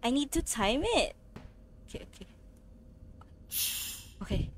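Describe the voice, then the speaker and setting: A woman's voice: high voice, big pitch swings, a little slow, slight background noise. A young woman streaming a horror game live, jittery and swearing, pleading with the game and screaming when scared.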